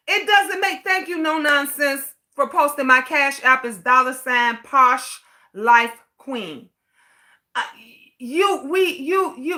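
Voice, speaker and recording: High, bright-voiced woman ranting emphatically. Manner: emphatic, repeats phrases, swears freely. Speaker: livestream host reading viewer comments. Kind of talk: impassioned livestream rant.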